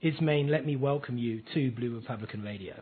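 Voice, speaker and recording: A man's voice: medium pitch, a little fast, slightly rough, narrow, tinny audio. A man from England with an English accent, hosting a radio show and introducing his guest with eloquent enthusiasm. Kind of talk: talk radio interview.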